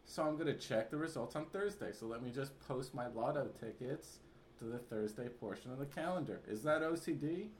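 A man hosting a podcast, chatting casually with quick asides. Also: medium pitch, slight background noise. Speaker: podcast host.

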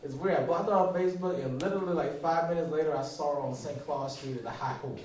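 A man doing a stand-up routine, telling a loud, animated story and mocking other people in put-on voices. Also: a little high, quick pace. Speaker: stand-up comedian. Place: comedy club stage. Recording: echoey room, far mic, crowd. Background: audience laughter.

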